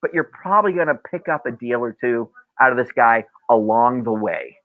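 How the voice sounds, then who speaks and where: A man's voice: medium pitch, brisk, no echo. A man coaching loan officers in a webinar, telling stories with lots of repeated phrases. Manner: animated storyteller, repeats key phrases. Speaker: mortgage loan officer presenter. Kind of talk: webinar sales coaching talk. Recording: tinny dry phone-like line.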